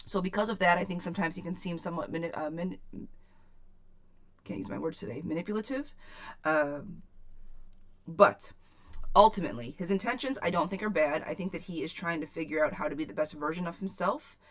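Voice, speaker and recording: A woman's voice: lowish voice, brisk, long pauses. A woman giving a live tarot reading to viewers, chatty and frank, swearing casually and calling people sweetheart. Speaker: tarot reader.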